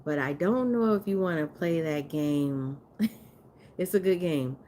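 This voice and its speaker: A woman's voice: low-pitched, a little slow, warm tone, slight background noise. A woman chatting casually on a livestream, rambling and laughing often as she talks to her viewers. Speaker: live streamer.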